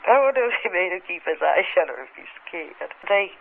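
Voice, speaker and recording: A woman recounting an experience under hypnosis in a halting, present-tense way, often repeating words, on an old archival tape. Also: lowish voice, lively intonation, vocal fry. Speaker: hypnosis subject. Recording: tinny old archival tape with faint hiss.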